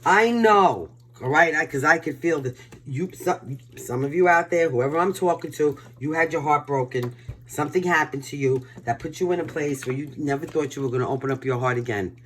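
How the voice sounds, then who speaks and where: A woman's voice: low voice, a little fast. An older woman from Brooklyn with a New York accent, giving a casual collective tarot reading in a blunt, emphatic, pep-talk way. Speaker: tarot reader.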